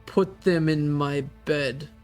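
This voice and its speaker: A man voicing a dim-witted young minotaur who talks in slow, broken phrases. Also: on the high side, steady tone, darkish tone, soft background music. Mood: blunt. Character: dim-witted male minotaur youth, halting speech.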